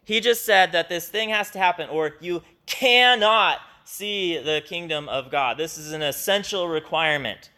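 A man with a fairly high-pitched voice leads a Bible study, explaining a passage earnestly and conversationally at a normal pace with few pauses. He gets animated when reading scripture aloud, acting out the quotes.

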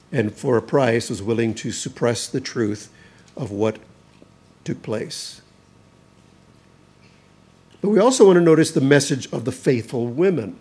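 A male pastor delivering a sermon at an unhurried, measured pace. His voice sits at a middle pitch and lifts with emphasis when he reads scripture. He lingers on single words to drive each point home. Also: a little mellow. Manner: slow, deliberate preaching with emphatic rises on scripture quotes.

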